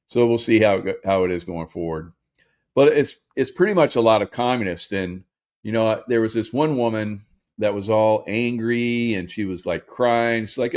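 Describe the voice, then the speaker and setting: A man's voice: on the low side, darkish tone. A man in his sixties hosting a casual commentary monologue, rambling with many fillers and restarts. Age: 60s. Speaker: host.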